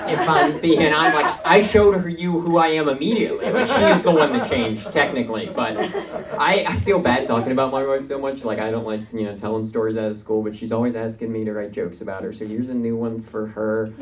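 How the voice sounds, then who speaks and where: Offbeat deadpan stand-up comic. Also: male voice, medium pitch, fairly quick. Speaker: stand-up comedian. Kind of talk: stand-up set. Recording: distant stage mic with loud crowd.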